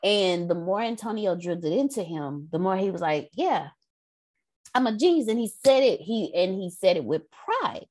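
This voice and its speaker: A woman's voice: lowish voice, lively intonation, moderate pace, hardly any pauses, darkish tone. Woman retelling a family story. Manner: retells her child's words. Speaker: class participant. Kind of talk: casual storytelling.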